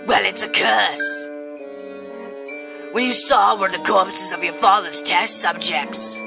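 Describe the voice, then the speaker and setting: Woman doing a slow, smooth mystery salesman. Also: mid-range voice, pitched above the performer's own voice. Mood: ominous. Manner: slow, drawn-out, put-on accent. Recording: game music behind the voice.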